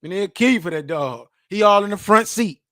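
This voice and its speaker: A man in his forties reacting to news clips as host, animated, emphatic and mocking, full of slang. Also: sits high, brisk, no echo, clean studio sound.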